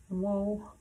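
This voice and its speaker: A tarot reader gives an intuitive reading to camera, halting and rambling with many "like"s and restarts, emotionally intense, and stopping to sigh and breathe. Her voice is medium-pitched, sharp in tone, and slightly rough.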